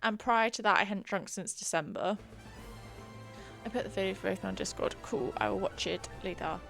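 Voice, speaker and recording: A woman's voice: medium pitch, moderate pace, gravelly, a bit bright, soft background music. A young woman from England chatting casually on a live stream, giggly and reading chat aloud into a desk mic. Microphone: desk mic she keeps bumping.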